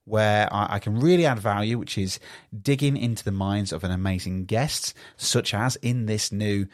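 A man's voice: on the low side, moderate pace, dry recording. A man hosting a solo podcast, talking upbeat and rambling into a studio podcast microphone. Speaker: podcast host.

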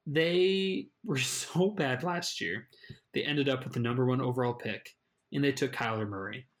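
A man's voice: medium pitch, normal speed. Man co-host, casual football chat, mid-range voice, hedging, restarts phrases. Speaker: fantasy football podcast co-host.

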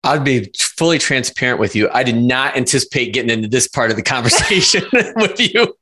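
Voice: mid-range voice, lively intonation, brisk, sharp tone. A host in a conversation, chiming in with short comments and laughing along. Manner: brief reactions, laughs along. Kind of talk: conversational interview.

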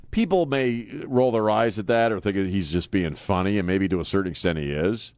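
Deep voiced guy hosting talk radio, blunt, jokey, dry studio sound. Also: fairly quick, few pauses, a little mellow, dry recording. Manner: blunt, joking, laughs often. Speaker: radio talk show host. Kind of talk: casual talk radio banter. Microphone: studio microphone.

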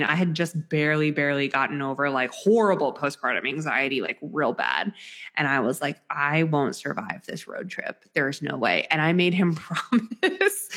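A young woman co-hosting a podcast, telling stories in an animated, dramatic way. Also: deep voice. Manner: animated storyteller, dramatic exaggeration. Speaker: podcast co-host. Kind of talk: casual chat.

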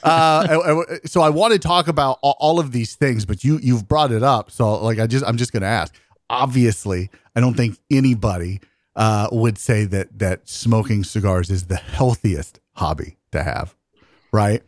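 Male podcast co-host, mid pitch, loose and profane, restarts sentences, close dry mic. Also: normal speed, no room sound. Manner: profane, rambling, stumbles and repeats words. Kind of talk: casual podcast chat.

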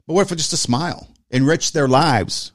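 A man's voice: fairly high pitch, normal speed, dry recording. Earnest man with a dry, close sound. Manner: earnest, conversational, repeats phrases for emphasis. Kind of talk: reflective monologue with personal story.

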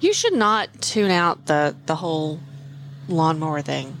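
A woman's voice: sits low, expressive, measured pace, a little hiss or hum. A woman co-hosting a casual podcast, bantering in a teasing, giggly way. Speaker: podcast co-host. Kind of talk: casual chat.

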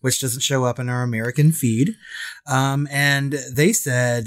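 A man co-hosting a podcast in casual chat, telling stories with lively acted-out quotes and frequent laughter. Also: medium pitch, measured pace. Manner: animated storyteller, acts out quotes, laughs often. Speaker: podcast co-host.

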